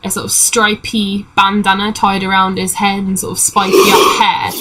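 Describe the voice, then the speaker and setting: A woman's voice: mid-range voice, little pitch movement, moderate pace, hardly any pauses, noisy background. A young adult woman narrating a tabletop game as game master, describing scenes with many fillers.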